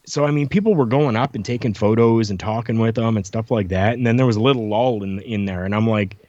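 A man tells stories at a lively clip and acts out what other people said, his voice jumping up when he quotes them. The sound is dull and lo-fi with a dry, close feel. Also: fairly low pitch, fast, no room sound. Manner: animated storyteller, acts out quotes. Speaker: podcast guest telling stories. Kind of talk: casual chat.

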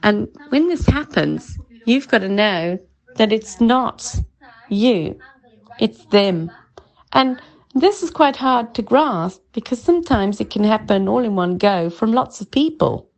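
A woman's voice: fairly high pitch, lively intonation, slow pace, creaky. A middle-aged woman giving an informal, chatty home sermon in an earnest tone, often calling things amazing. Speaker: preacher.

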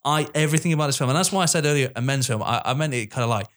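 A man's voice: medium pitch, very fast, a bit bright. A man co-hosting a casual film podcast, enthusiastic and swearing freely as he retells favourite scenes. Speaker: podcast co-host.

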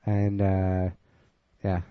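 A man co-hosting a podcast, explaining things in a relaxed way and laughing easily. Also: sits low, drawn-out words, clean tone, dry recording, phone-quality sound. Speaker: podcast co-host.

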